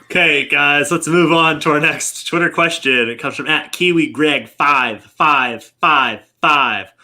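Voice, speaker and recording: A man hosting a casual podcast, briskly reading out listener questions. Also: a little high, bright, forceful tone. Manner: brisk, moves the show along.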